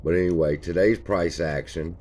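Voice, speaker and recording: Very deep-voiced folksy man. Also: fairly even intonation, normal speed, warm tone. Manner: folksy, points at chart features as he talks. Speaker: stock channel host. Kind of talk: casual screen-share chart walkthrough.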